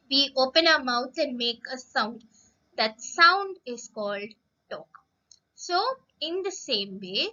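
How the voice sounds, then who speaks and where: A woman teacher giving a slow lesson to young children, drawing out words and asking them questions. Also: high voice, pushed and bright, highs cut off. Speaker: primary school English teacher.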